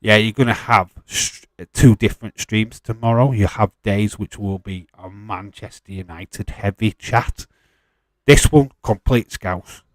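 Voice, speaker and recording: A man's voice: lowish voice, flat delivery, unhurried, hardly any pauses, dry recording. A man hosting a live watch-along stream, chatting casually, answering viewer questions with frequent laughs and the odd swear.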